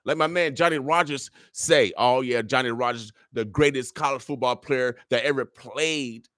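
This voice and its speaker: In a radio studio, a morning-show host from Omaha, Nebraska, USA preaches and motivates listeners in an emphatic, sermon-like style, repeating "oh yeah" as a refrain. His voice is medium-pitched and a bit bright at normal speed, recorded dry with clean studio sound.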